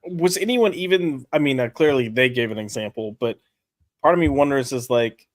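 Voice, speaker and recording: A man's voice: mid-range voice, normal speed, no echo. A man co-hosting a casual comics podcast, rambling with lots of restarts. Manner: rambling, frequent fillers and restarts. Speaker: podcast co-host.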